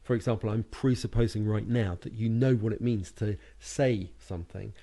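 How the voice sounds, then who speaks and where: British guy teaching hypnosis stuff, low mellow voice, slow and deliberate. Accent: British English. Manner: slow, deliberate, hypnotic phrasing with marked words. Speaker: hypnotherapy and NLP trainer. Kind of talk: recorded lesson narration over slides.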